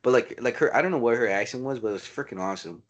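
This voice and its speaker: A man chatting casually about a movie as a podcast co-host, excitable, swearing freely and calling his friend "dude" and "bro.". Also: medium pitch, rapid-fire, lo-fi sound. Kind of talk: casual movie review chat.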